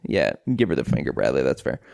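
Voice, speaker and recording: A man co-hosting a podcast in a relaxed, teasing way with lots of "um". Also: a bass voice, fast, vocal fry, clear, resonant tone, no echo, clean studio sound. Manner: teasing, laid-back. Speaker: podcast co-host. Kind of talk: casual podcast chat.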